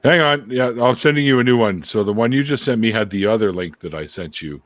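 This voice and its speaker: Lively Canadian man hosting a stream. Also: lowish voice, a little fast, no room sound. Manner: laughing, lively banter, reads chat aloud. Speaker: livestream host. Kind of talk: casual chat.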